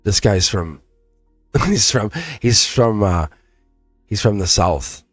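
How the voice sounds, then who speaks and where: A man's voice: on the low side, lively intonation, takes it slowly, dry recording, faint music behind. A man with a Boston accent giving a casual, rambling livestream tarot reading, restarting phrases and chuckling. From England.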